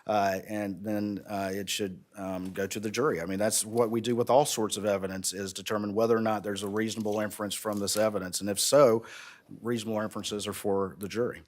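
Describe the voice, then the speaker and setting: A man's voice: lowish voice, flat delivery, a little fast. Earnest man arguing in court. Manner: earnest, building to emphatic. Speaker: prosecutor arguing an appeal. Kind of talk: courtroom oral argument.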